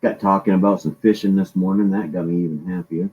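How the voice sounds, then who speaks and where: A man with a low, mellow voice chats casually as host of a morning live stream. He rambles easily from one thought to the next and greets viewers by name. The sound is dull and lo-fi. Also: fairly even intonation, fast talker.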